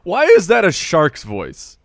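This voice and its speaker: A man's voice: high-pitched, huge pitch swings, slow pace, vocal fry, no room sound, studio quality. A man co-hosting a podcast in casual chat, jokey and theatrical. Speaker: podcast co-host.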